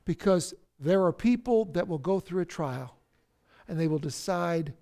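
A man preaching a sermon who acts out the psalmist's cries, swinging from loud outbursts to near-whispers. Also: a little high, animated, a little slow, vocal fry. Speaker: pastor.

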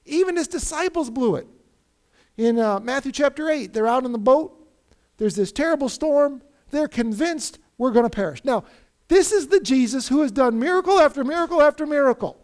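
A man's voice: very high-pitched, normal speed. A middle-aged man preaching a sermon as a pastor, telling stories with energy and acting out the people he quotes. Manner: animated storytelling, acting out quoted voices.

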